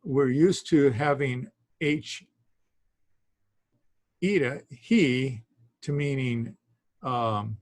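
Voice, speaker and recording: A man's voice: medium pitch, no room sound. A man teaching a Greek class to students in the room, rambling and stopping to restart his sentences, with the odd chuckle. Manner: rambling, self-interrupting, with chuckles. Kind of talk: classroom lesson.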